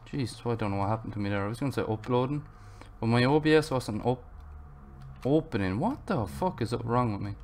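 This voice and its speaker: A man narrating his Minecraft gameplay, frustrated and swearing as he rambles to himself. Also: mid-range voice. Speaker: gaming channel host.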